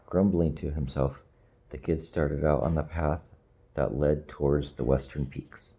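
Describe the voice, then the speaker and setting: A man reading a storybook aloud in slow, measured audiobook narration. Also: very deep voice, fairly even intonation, warm tone, breathy edge.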